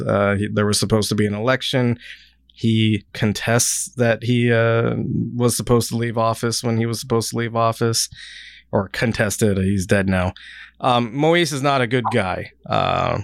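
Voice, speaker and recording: A man's voice: on the low side, dry recording. A man hosting a podcast in casual chat, rambling and swearing freely as he talks. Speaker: podcast host.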